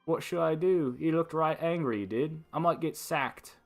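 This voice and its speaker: A man voicing a nosy, chatty young female servant in a game, with a put-on British accent and a high, exaggerated lilt. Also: moderate pace, gravelly, soft background music. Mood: gossipy. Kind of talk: reading game dialogue aloud.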